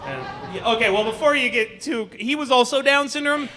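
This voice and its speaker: On a comedy club stage, a man performs stand-up in an animated, conversational, mocking style. His voice is extremely high and brisk, with a faint crowd audible.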